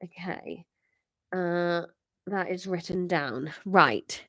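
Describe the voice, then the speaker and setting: A woman's voice: lowish voice, drawn-out words, a bit bright, dry recording. Chatty, self-mocking woman storyteller. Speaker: podcast host and storyteller. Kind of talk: improvised comic story reading.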